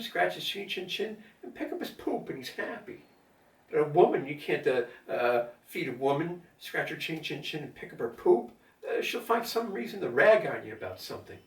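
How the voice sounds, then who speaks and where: Sing-song and fairly high, this older man's voice moves at a normal speed as he talks casually at home while the power is out. His vlog is a meandering monologue full of fillers and little remarks to his cat, captured from a distant mic in an echoey room.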